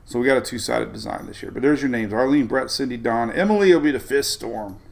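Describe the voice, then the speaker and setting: Gravelly, rambling male weather host. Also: medium pitch, fast. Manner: rambling, chuckling, self-interrupting. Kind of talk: casual live-stream weather talk.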